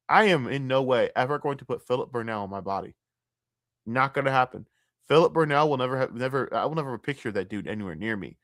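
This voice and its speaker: A mocking, profane man ranting on a stream, his pitch leaping and dropping all over as he shifts between loud outbursts and low grumbling. The sound is dry and close, with no room around it. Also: no echo. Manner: crude, mocking, heated, swings between loud and muttered. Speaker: streamer reacting to online drama. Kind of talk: profane live-stream rant.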